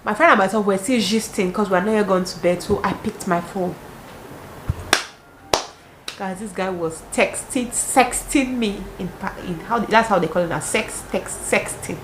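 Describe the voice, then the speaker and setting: A young woman with a Cameroonian English accent, telling dating stories casually in an animated, dramatic way with exclamations. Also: mid-range voice, moderate pace, a little hiss or hum. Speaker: vlogger. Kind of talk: casual storytelling. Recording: roomy echo, faint ambience.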